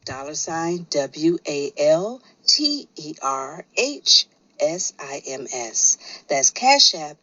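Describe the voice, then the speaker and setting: A woman reading a donation appeal as an announcer, spelling out details slowly. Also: sits low, sing-song, sharp tone, no room sound. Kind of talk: scripted announcement. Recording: dull dry lo-fi recording.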